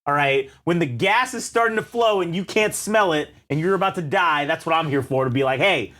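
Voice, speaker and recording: A man with a high voice co-hosts a casual podcast, ranting with heavy profanity and a sarcastic edge. He talks from a garage. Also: expressive, brisk, bright, forceful tone. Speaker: podcast co-host.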